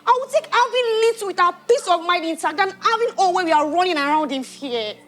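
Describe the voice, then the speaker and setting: A woman's voice: extremely high pitch, lively intonation, fast talker, fairly bright tone. An actress playing a hurt, weary young wife who reproaches her husband, in a church stage drama. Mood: pleading. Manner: reproachful, emotional.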